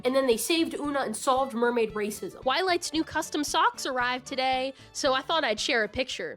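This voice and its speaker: A woman's voice: high-pitched, expressive, normal speed, hardly any pauses, a bit bright, soft background music. A woman doing comedic cartoon commentary, sarcastic and profane, jumping into sudden put-on voices. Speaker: commentary youtuber.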